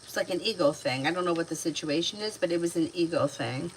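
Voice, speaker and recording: A woman's voice: lowish voice, fast, noisy background. A woman in her thirties giving chatty, casual tarot readings on a livestream, laughing often as she talks. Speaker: tarot reader.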